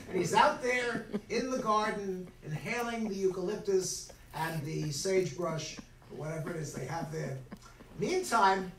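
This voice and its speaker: A man's voice: sits high, fairly bright tone. A man telling a story at a Shabbat service in a humorous sermon, full of playful asides to the congregation. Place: synagogue sanctuary. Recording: echoey hall, voice from far off, faint noise.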